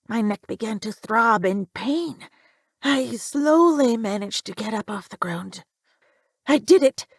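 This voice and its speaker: A woman's voice: mid-range voice, dry recording, clean studio sound. A woman narrating a first-person horror story, reading it with tense, emphatic delivery.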